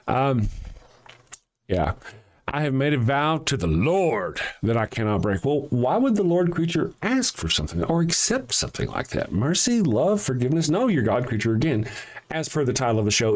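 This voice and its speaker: A male host reads scripture on a live stream and keeps breaking off into sarcastic, mocking commentary. His voice sits at a middling pitch but swoops up and down, full of animated inflection. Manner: sarcastic, mocking asides with a lively swooping delivery.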